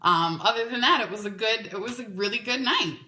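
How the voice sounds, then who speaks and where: A woman podcaster tells a long story in a chatty, animated way, with a "like" in nearly every sentence. Her voice is bright and sounds as if it was recorded in an echoey room. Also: a little high, brisk. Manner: chatty and animated, full of "like" fillers. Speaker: podcast host. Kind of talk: casual storytelling monologue. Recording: roomy echo.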